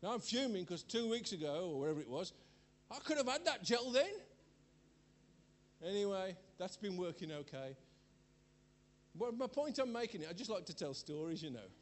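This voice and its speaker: A high-pitched older man preaches a sermon. He wanders into personal stories and chuckles at his own jokes. His delivery is chatty rather than formal. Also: sing-song, normal speed. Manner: chatty, rambling storyteller who laughs at himself.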